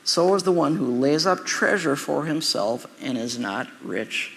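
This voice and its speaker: A man delivers a sermon in a chatty, wandering way, stopping for asides and repeating himself. His voice is slightly high, with a gravelly edge and a bright, forceful tone. The sound rings with the long reverb of a large hall. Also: animated, a little slow, a little hiss or hum. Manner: conversational preaching with asides and repeated words. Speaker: pastor.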